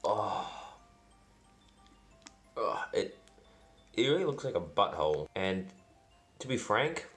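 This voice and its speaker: A man's voice: fairly low pitch, very animated, slow, long pauses, fairly bright tone, soft background music. A man doing a casual food review vlog, dry and self-deprecating, rambling with lots of fillers. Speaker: food vlogger.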